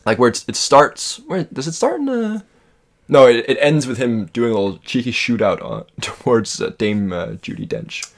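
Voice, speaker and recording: Lively, laughing podcast guy. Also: medium pitch, moderate pace. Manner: laughs often, lively, jokey impressions. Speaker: podcast co-host. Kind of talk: casual chat.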